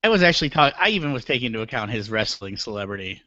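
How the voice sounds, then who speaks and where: A man's voice: mid-range voice, big pitch swings, racing, pushed and bright, no echo. A man co-hosting a podcast in casual chat, talking in a dry, matter-of-fact way. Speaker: podcast co-host. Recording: dull lo-fi dry sound.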